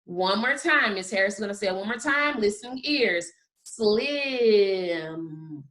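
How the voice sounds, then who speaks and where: This kindergarten teacher has a mid-range voice that's bright and forceful. In her recorded phonics lesson, she slowly exaggerates each sound one at a time and showers the children with upbeat praise.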